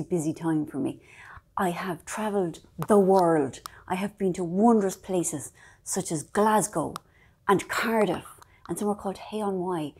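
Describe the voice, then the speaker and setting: A woman's voice: mid-range voice, a little mellow, slightly rough. An Irish woman author chatting casually in a vlog, self-deprecating, with whispery asides.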